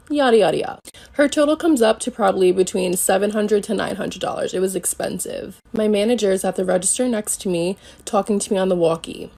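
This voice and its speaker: Young woman, mid pitch, sassy work storytime, acts out the quotes, lots of cussing. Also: quick pace, gravelly, darkish tone. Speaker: retail worker. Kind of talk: casual storytime monologue.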